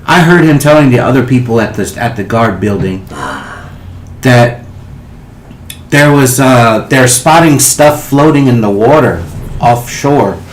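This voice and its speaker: A man's voice: medium pitch, expressive, unhurried, long pauses, natural voice. A man voicing a chatty nine-year-old noble boy who talks eagerly and stumbles over his words. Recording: echoey room, faint hiss.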